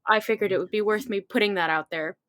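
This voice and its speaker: A woman's voice: mid-range voice, quick pace, fairly bright tone, dry recording, studio quality. A woman acting as a guest co-host, speaking sincerely in a casual interview.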